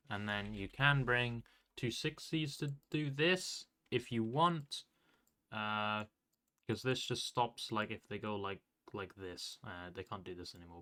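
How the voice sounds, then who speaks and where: A man with a lowish voice and a bright, forward tone walks through game strategy in a relaxed, unscripted way. His talk is loose and rambling, and he keeps correcting himself mid-thought. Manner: loose and rambling, full of fillers and self-corrections. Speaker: game strategy guide creator. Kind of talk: casual explanation of game tactics.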